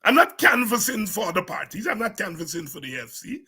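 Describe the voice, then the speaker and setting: A man with a Guyanese accent giving an impassioned political address as a party leader, forceful and emphatic, repeating words for stress. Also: high-pitched, very animated, fast talker, husky.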